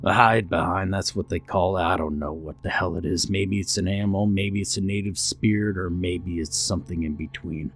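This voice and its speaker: A man voicing a grumpy, gruff older ranger boss on a radio in a horror story. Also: low-pitched, steady tone, normal speed, few pauses, faint music behind.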